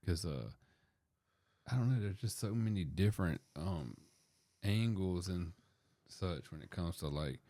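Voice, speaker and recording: Deep-voiced man telling a rambling story. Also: animated, measured pace, pauses often, mellow, no echo. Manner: rambling, loose storytelling full of fillers. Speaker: podcast co-host. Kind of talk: casual chat, retelling a movie.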